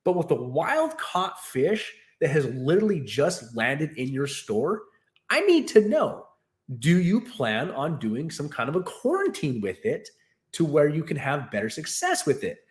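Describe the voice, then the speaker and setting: A young man casually recounting a frustrating shopping trip, animated and exasperated, acting out the dialogue as he goes. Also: a little high, measured pace. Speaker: fish keeper vlogger. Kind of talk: casual storytelling rant.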